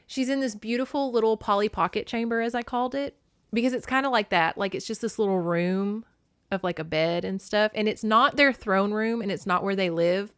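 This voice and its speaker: A woman podcast host casually recapping a novel, chatty and animated, swearing freely. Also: mid-range voice, no room sound, clean studio sound.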